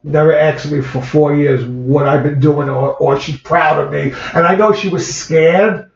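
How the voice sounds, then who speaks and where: A man, an actor, recalls a personal story in conversation, halting and repeating words as the feeling comes through. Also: fairly high pitch, fairly even intonation, vocal fry. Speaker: actor, guest. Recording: roomy, dull lo-fi sound.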